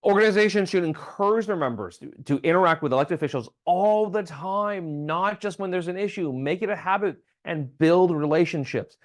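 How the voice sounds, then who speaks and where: A man's voice: high-pitched, fairly quick, hardly any pauses. Man giving a casual how-to talk. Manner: conversational, frequent ums and restarts, checks in with "okay?". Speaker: state legislator giving advocacy training. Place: town hall meeting.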